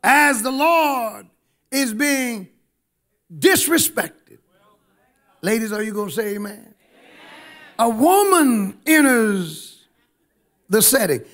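Male preacher, high-pitched, emphatic, engages the congregation, church sermon. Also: big pitch swings, slow, pauses often, fairly bright tone.

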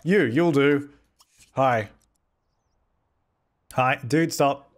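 Guy narrating his game, freaks out a lot, voice jumps all over, mid pitch. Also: normal speed, pauses often. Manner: excitable, frets aloud and talks at the game characters. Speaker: gaming video host. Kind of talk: let's play commentary.

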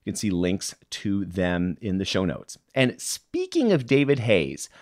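A man hosting a music podcast, giving a chatty, upbeat news rundown with offhand asides. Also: a little slow. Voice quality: animated, swinging pitch. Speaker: podcast host.

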